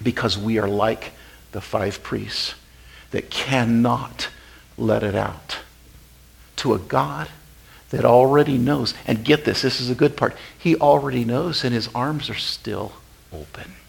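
A male pastor preaching an impassioned sermon, swinging between loud outbursts and hushed, almost whispered passages. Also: mid-range voice, a little slow, creaky, husky, rough recording.

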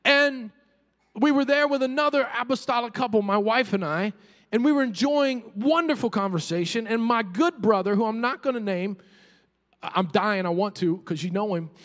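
A man preaching a sermon as pastor, animated and humorous, calling out to his congregation. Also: high-pitched, moderate pace, in a large hall. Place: church sanctuary.

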